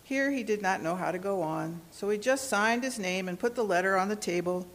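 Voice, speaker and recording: A woman reading a children's storybook aloud in a gentle, expressive way. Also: mid-range voice, brisk.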